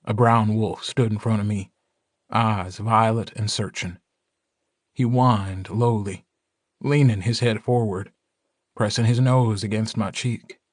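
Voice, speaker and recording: A low-voiced man narrating a fantasy audiobook in the first person. He reads slowly and dramatically. The recording is dry and close, with no room sound. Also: steady tone, dry recording. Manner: measured, dramatic.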